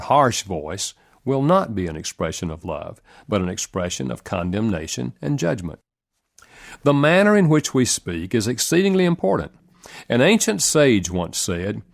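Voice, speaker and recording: A man reading a relationship self-help audiobook in a measured, earnest narration with lively rises in pitch. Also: creaky.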